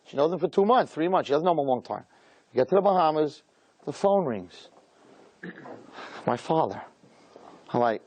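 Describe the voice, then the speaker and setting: A man, a rabbi, telling a personal story in a lively way and acting out the dialogue. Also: slightly rough. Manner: animated, acts out dialogue with quick pitch swings. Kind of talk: storytelling talk.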